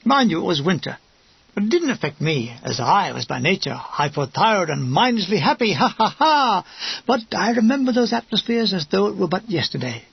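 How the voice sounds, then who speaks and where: A man's voice: high-pitched, big pitch swings, brisk, creaky, husky, no echo. A man narrating a war memoir audiobook in a wry, comic storytelling manner. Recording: dull lo-fi dry recording.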